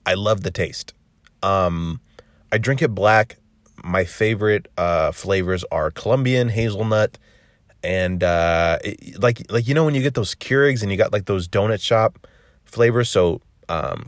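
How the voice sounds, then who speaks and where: A man's voice: dry recording, studio quality. A man hosting a solo podcast, talking casually in a rambling, profane way, full of restarts and "dude.". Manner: lively, swinging pitch up and down. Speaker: podcast host.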